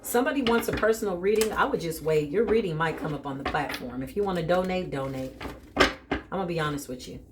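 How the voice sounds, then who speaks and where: A woman's voice: on the low side, quick pace, heavy background noise. A woman giving a spiritual tarot reading, speaking bluntly and emphatically straight to the viewer. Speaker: tarot reader.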